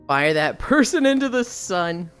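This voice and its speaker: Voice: medium pitch, a bit bright, clear, resonant tone. A livestreamer chatting casually and reading viewer messages aloud, blunt and sighing often, swearing freely.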